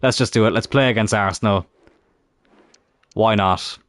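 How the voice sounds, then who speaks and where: A gaming YouTuber talks casually over a football management game, his voice on the low side, fairly bright, at a normal speed with no echo. He's frustrated, muttering much of the time and often grumbling and swearing at the game.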